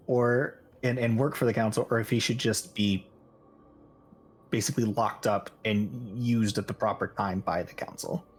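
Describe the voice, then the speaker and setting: A man's voice: medium pitch, breathy edge. A man narrates a tabletop game as its game master. He describes the scene steadily and lays out the choices for the players.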